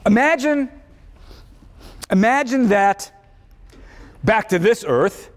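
In a lecture hall with long reverb, a man lectures on philosophy at a university in a thoughtful, conversational way, thinking aloud and correcting himself. His voice sits high and is animated, but he speaks slowly.

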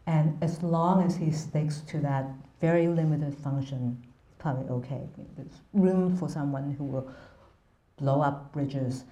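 A woman's voice: sits low, measured pace, warm tone. A woman giving an academic lecture in a hesitant way, full of ums and restarts. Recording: roomy echo.

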